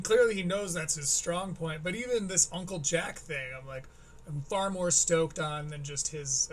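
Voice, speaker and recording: A man's voice: a little high, fairly bright tone, a little hiss or hum. A male streamer giving rambling, analytical commentary on a comedy special, often breaking off mid-sentence. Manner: rambling, analytical, self-interrupting. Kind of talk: casual commentary.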